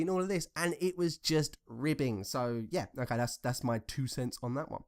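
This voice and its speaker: A man riffs through his commentary in a relaxed, rambling way, swearing freely as he tells stories and gives blunt opinions. His voice is smooth and clean, pitched in an ordinary middle register. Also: moderate pace, few pauses. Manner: profane, blunt and conversational. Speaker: commentary vlogger. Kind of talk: casual rambling commentary with anecdotes.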